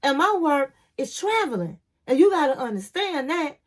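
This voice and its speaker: A woman from Chicago quoting an adult man in her recap, calm and firm as he sets boundaries. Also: sits high, normal speed.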